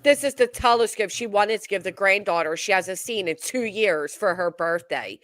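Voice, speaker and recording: A woman's voice: mid-range voice, expressive, normal speed, fairly bright tone, dry recording. A woman hosting a casual true-crime chat, outspoken and indignant as she reacts. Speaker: true-crime commentary host.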